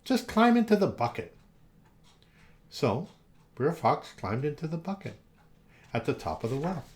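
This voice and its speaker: Animated man reading a children's story. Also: medium pitch. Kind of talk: children's story read-aloud.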